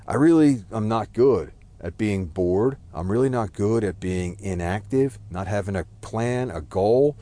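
Deep-voiced man rambling about his life. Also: animated, a little slow, few pauses, warm tone. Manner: rambling, self-deprecating, swears and apologizes. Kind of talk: personal reflective monologue.

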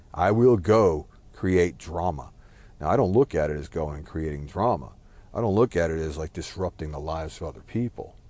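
Deep-voiced man rambling about his life. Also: a little mellow. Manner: rambling, self-deprecating, swears and apologizes. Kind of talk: personal reflective monologue.

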